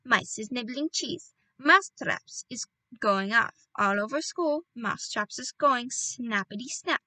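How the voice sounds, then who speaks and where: A woman reading a storybook aloud and voicing a fierce, ancient witch leader who shouts and gloats in broken grammar. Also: on the high side, lively intonation, unhurried, no echo, rough recording. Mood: gloating.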